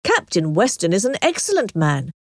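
A woman's voice: medium pitch, wildly swooping pitch, moderate pace, no echo, clean studio sound. A woman voicing a respectable man in his late thirties who speaks plainly and directly. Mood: frank.

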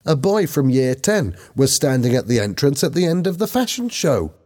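A man doing an ambitious teenage schoolboy reporter, matter-of-fact, raised pitch, storybook reading. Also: sing-song, moderate pace, a little mellow, close to an everyday voice.

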